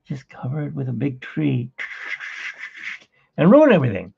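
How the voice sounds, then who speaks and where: A man putting on a soft, gentle TV painting teacher, in tinny phone-like livestream audio. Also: mid-range voice, sing-song, normal speed, vocal fry, slightly rough, heavily acted. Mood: mock-soothing.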